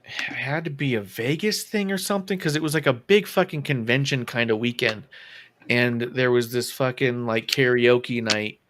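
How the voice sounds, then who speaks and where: Guy cohost, relaxed, middle voice, lots of swearing, rambling stories. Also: mid-range voice, normal speed. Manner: profane, laid-back anecdotes. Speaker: podcast co-host. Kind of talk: casual wrestling chat.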